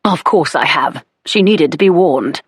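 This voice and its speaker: A woman doing a brisk, commanding duchess. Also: deep voice, expressive, husky, dry recording, heavily acted. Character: stern older female duchess, commanding and brisk.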